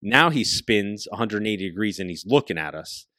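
A man, a guest on a talk show, telling a hunting story in a casual, profane, animated way and often dropping his voice to a hush. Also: fairly low pitch, a little fast, no echo. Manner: profane, animated storyteller who drops into hushed tones.

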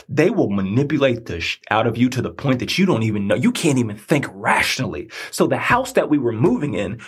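A man telling a personal story in a preachy monologue, animated, swinging between hushed and excited. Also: medium pitch, husky.

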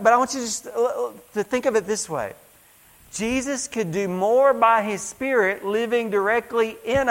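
A man's voice: very high-pitched, a bit bright, long reverb tail, poor audio. A male pastor preaching a sermon in a church, emphatic, repeating phrases and calling out for an "amen".

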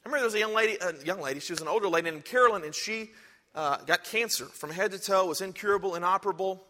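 A man's voice: high voice, racing, sharp tone, long reverb tail, a little hiss or hum. A man preaching a sermon to a large church congregation, moving from conversational talk into emphatic exhortation. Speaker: pastor.

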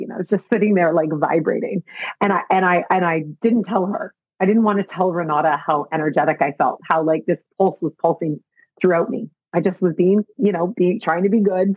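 Breathy, earnest woman podcast host. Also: lowish voice, a little mellow, no room sound, low-quality recording. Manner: earnest, repetitive, builds to emotional intensity. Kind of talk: solo motivational podcast talk. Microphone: video call.

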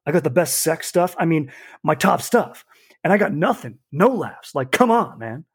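An actor playing a brash, tactless male friend who tells jokes and pities himself, with a husky voice. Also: on the high side, big pitch swings, normal speed, exaggerated voice. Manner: brash, self-pitying.

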